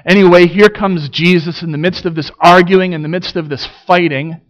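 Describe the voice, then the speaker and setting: A man preaching a sermon, building rhetorical questions with dramatic pauses. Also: sits high, fairly even intonation, lo-fi sound. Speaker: pastor.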